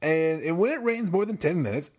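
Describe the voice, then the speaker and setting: A man's voice: on the high side, lively intonation, a little fast, a little mellow. A man casually telling a story to his regular viewers, exasperated and wry, with some swearing. He laughs at his own bad luck and acts out the phone calls he quotes in a raised voice.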